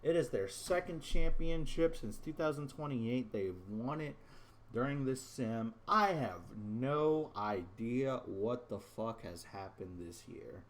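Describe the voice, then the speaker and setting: A man's voice: medium pitch, expressive, slow. A man ranting to his viewers in casual gameplay commentary, frustrated, swearing and rambling, calling them "boys". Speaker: gaming YouTuber.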